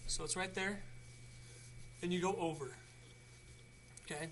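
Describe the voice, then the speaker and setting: A man's voice: high voice, steady tone, a little slow, fairly bright tone, slight background noise. A young man hosting a casual how-to video, chatty and rambling with frequent restarts. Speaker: tutorial host.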